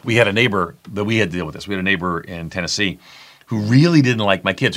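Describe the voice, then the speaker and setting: Bright-voiced man preaching a sermon. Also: lowish voice, lively intonation, fast. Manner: conversational, frequent "right?" tag questions. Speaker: pastor.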